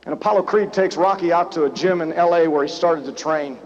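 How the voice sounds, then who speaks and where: Man, motivational rally speaker, high voice, punchy repetitive preaching, dull lo-fi tape. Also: a little fast. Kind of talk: motivational rally speech with storytelling. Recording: dull lo-fi live tape, faint noise.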